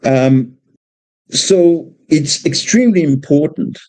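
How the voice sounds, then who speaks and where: Man, mellow warm voice, informal talk on parenting, halting, repeats himself, acts out talks with his small son. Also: a little high, no echo, poor audio. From Australia. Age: adult parent of a two-year-old. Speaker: speaker giving a religious exposition on parenting. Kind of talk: informal talk with personal stories.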